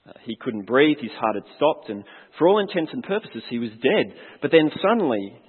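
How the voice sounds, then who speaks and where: A man's voice: mid-range voice, sing-song, moderate pace, slightly rough. A man preaching a sermon as a pastor, earnest and reflective, putting questions to his congregation. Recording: long hall reverb, tinny phone-like sound.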